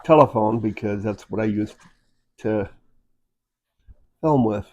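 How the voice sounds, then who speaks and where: A man's voice: lowish voice, slow pace, a little mellow, dull audio. Rambling, easygoing man co-hosting. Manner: rambling, conversational, with fillers like "you know". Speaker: co-host. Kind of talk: casual chat. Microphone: phone.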